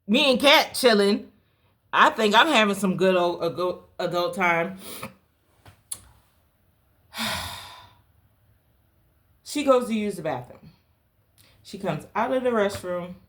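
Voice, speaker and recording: A young adult woman from the South Carolina Lowcountry, hosting a podcast and telling a personal story in a candid, animated way. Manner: animated, candid, dramatic pitch swings. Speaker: podcast host.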